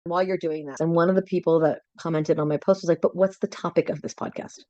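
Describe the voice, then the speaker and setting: A woman's voice: lowish voice, fairly even intonation, fast, mellow, dry recording, highs cut off. A woman co-hosting a podcast in casual chat over a video call, enthusiastic and laughing often. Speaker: podcast co-host.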